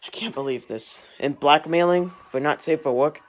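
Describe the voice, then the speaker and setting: A man's voice: a little high, moderate pace. Angry rambling young man ranting. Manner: angry, rambling, swears often. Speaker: vlogger. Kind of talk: casual rant vlog. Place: kitchen at home, in doors. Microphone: handheld camera, walking around.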